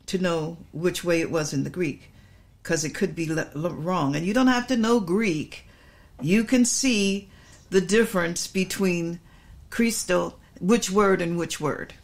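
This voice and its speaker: Woman pastor giving repetitive, emphatic Bible teaching. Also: mid-range voice.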